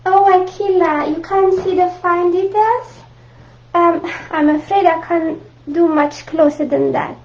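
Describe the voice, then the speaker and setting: A woman from Italy with an Italian accent, teaching a live online painting class and chatting warmly with viewers. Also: very high voice, steady tone, measured pace. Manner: chatty, warm asides to viewers, frequent laughs. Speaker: art teacher. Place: home art room. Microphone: camera mic at close range. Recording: dull lo-fi livestream audio.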